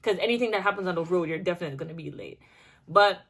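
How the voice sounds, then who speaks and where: A young woman vlogger telling a casual storytime, chatty and animated, with many restarts and filler words. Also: lowish voice, very fast.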